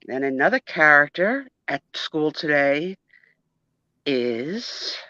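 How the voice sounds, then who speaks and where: A woman reading her own comic play aloud, animated and amused. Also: low-pitched, slow, dry recording, dull audio.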